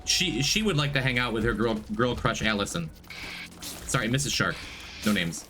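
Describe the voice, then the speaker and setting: A man's voice: mid-range voice, animated, normal speed, noisy background. A man streaming a game, chatting casually, rambling through a story and greeting viewers by name.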